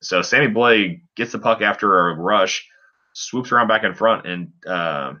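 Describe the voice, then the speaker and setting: A man's voice: on the low side, measured pace, pushed and bright, highs cut off. A man on a casual sports podcast, recapping a game in a rambling way with lots of fillers. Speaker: podcast co-host.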